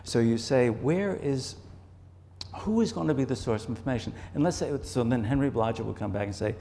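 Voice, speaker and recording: A man, a journalist and author, answering interview questions on a conference stage in a measured way, often repeating words as he thinks. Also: mid-range voice, dark tone, big-room sound, a little hiss or hum.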